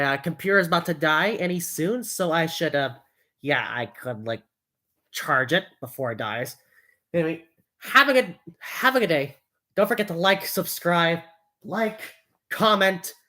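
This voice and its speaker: A woman's voice: lowish voice, pushed and bright. A woman chatting casually on a live stream, rambling and giggling, with lots of fillers.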